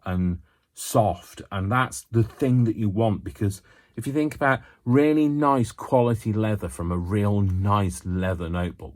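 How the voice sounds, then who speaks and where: A man's voice: deep voice, darkish tone. A man chatting his way through a hands-on craft tutorial at home, wandering off into self-mocking asides.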